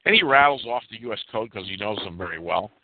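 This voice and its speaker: A man telling a story in casual talk, animated and stumbling over repeated words as he acts out the people in it. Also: lowish voice, quick pace, a little hiss or hum. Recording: dry tinny phone-line sound.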